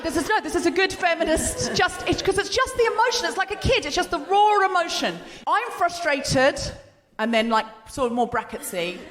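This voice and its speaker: A woman performing live comedy on stage, playful and animated, leading the crowd in call-and-response. Her voice sits high and swoops a lot. The sound carries a long hall reverb and clear room noise from the live venue. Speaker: co-host of live comedy podcast. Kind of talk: live stand-up bit to an audience. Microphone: handheld stage mic.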